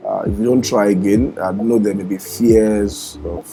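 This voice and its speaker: A man offers earnest encouragement on a couple's vlog. He speaks in a somewhat low voice, halting with frequent fillers. Music plays clearly in the background. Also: fairly even intonation, low-quality recording. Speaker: co-host, husband. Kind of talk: casual advice.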